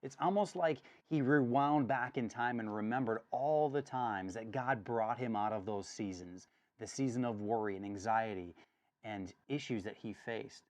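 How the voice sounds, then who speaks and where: A man's voice: medium pitch, moderate pace, a little mellow. A man leading a church study, giving an earnest devotional talk and growing more intense as he reads scripture. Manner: earnest, rising intensity when reading.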